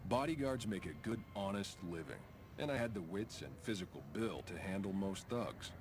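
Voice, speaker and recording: Calm retired bodyguard. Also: male voice, on the low side, moderate pace, noisy background. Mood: reflective. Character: retired male ex-bodyguard, calm, matter-of-fact.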